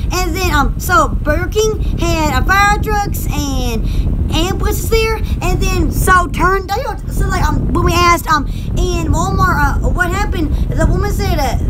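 A woman hosting a rambling, casual live chat with viewers, gushing with excited exclamations. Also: extremely high pitch, heavy background noise. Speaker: live-stream host chatting with viewers.

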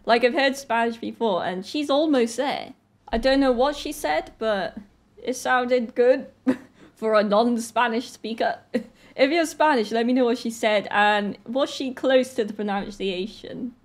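A woman's voice: fairly high pitch, measured pace. A woman in her twenties from Britain, chatting casually and laughing often as she reacts to a video. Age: 20s.

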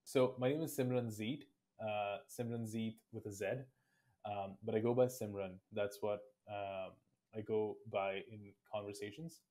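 A man's voice: fairly low pitch, fairly even intonation, unhurried, mellow. A man in his twenties from India, answering interview questions in a reflective, thoughtful way. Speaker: guest. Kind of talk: casual interview.

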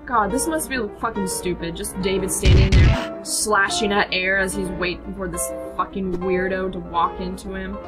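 A woman's voice: medium pitch, fairly even intonation, moderate pace, over loud music, poor audio. A young woman giving casual, blunt, profane commentary while playing a horror game. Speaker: gaming video host.

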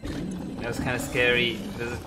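A man commentating a survival building game as he plays, excitable and quick to yelp in panic or laugh at mishaps. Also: medium pitch, over music. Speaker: gaming channel host. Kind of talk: let's play commentary.

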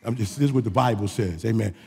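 Gravelly preacher man, shouting and murmuring. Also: fast, big-room sound. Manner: swings from shouted preaching to low confiding asides. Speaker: pastor. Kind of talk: sermon.

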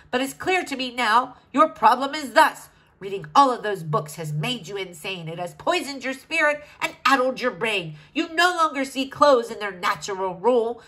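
A woman's voice: on the high side, sharp tone, low-quality recording. A woman playing a pompous blustering king. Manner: blustering, scolding, rhymed verse. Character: fussy vain male king, fashion-obsessed, pompous.

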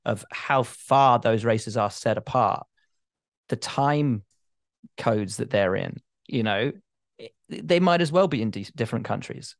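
A man's voice: medium pitch, a little slow, creaky, no echo. Emphatic man, dry close sound. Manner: emphatic, expansive talker. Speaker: guest, motorsport reporter. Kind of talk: casual podcast chat.

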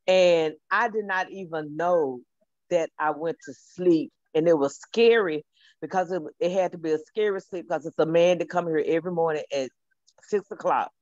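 A woman's voice: lowish voice, normal speed, a little mellow, dry recording. Emotional woman caller on a dull line. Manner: emotional, repetitive, heartfelt. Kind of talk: casual call-in testimony.

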